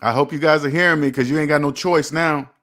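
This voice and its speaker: This man's voice is fairly high and fairly bright, steady in tone, and his pace is quick. As host of a personal finance channel, he gives motivational livestream talk directly to viewers, emphatic, preachy and repetitive.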